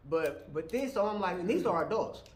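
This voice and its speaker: Earnest man, high voice, echoey room. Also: animated, fairly quick. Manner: earnest, repeats words when making a point. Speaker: podcast co-host. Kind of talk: casual chat. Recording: echoey room with faint noise.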